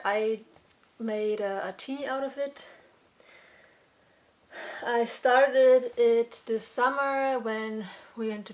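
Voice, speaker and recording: A young adult woman hosting a casual crafts podcast, chatting in an unhurried way with many fillers and restarts, slightly out of breath at times. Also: fairly high pitch. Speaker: podcast host. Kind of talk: casual chat.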